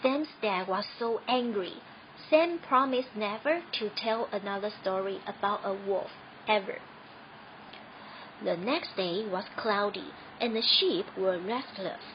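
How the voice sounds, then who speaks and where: A woman reading a children's story aloud in a slow, gentle storybook manner. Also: medium pitch, dull audio, slight background noise.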